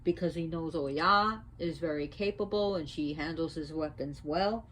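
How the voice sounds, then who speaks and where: A woman casually teaching religious lore, retelling a myth in an animated, conversational way. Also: sits low, normal speed, slight background noise, poor audio. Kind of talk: casual storytelling lesson.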